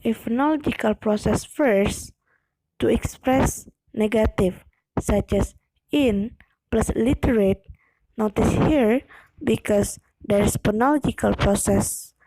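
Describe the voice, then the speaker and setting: A young woman, reading a class presentation aloud with slow, careful delivery and occasional slips. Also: medium pitch, warm tone, no echo, low-quality recording. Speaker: student presenting an exam video.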